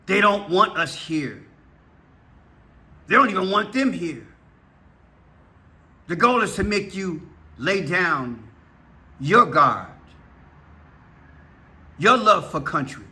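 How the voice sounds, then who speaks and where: A preacher vlogger with a high, sharp voice preaches fervently to his viewers. He sounds urgent and impassioned, hammering his points home with repeated rhetorical questions.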